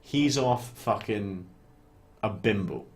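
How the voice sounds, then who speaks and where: A man co-hosting a casual film chat, retelling scenes with animated storytelling and frequent swearing. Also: lowish voice, takes it slowly. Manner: animated storytelling, swears freely, quotes characters in little voices. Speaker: podcast co-host.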